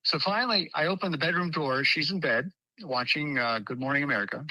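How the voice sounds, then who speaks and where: Brief: middle-aged male guest, anecdotal and chatty, strikingly bright voice, dry close sound. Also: fairly high pitch, a little fast, no echo, highs cut off. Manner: chatty and anecdotal, frequent restarts. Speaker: guest, former White House usher. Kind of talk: conversational storytelling.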